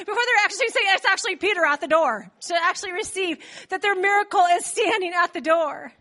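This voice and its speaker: A woman preaching a sermon in church, animated, telling the story with laughs and acted-out voices. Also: extremely high pitch, fast talker, hardly any pauses.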